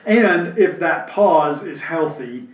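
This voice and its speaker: Guy from new jersey talking about his family, kinda high voice, echoey room. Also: expressive, slow, far from the mic. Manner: candid, reflective, acts out quoted voices. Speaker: podcast co-host. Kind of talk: casual chat. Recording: roomy, mic set back.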